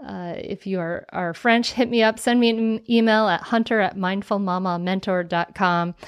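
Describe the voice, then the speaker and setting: A woman hosting a podcast, talking in a casual, earnest way with plenty of thanks and a warm, chatty manner. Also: mid-range voice, fairly even intonation, moderate pace, clear, resonant tone, dry recording. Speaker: podcast host.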